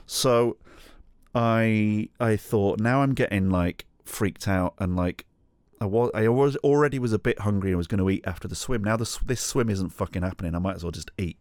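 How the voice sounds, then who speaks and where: Low-voiced sweary man. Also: moderate pace, a little mellow, dry recording, clean studio sound. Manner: rambling, sweary, self-mocking. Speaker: podcast host. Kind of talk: solo podcast storytelling.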